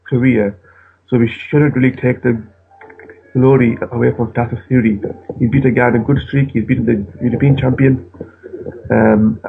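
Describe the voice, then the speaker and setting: Gravelly man on a tinny phone line. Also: mid-range voice. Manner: halting, stammering restarts. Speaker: phone-in caller. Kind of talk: casual boxing chat. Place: at home with the television on.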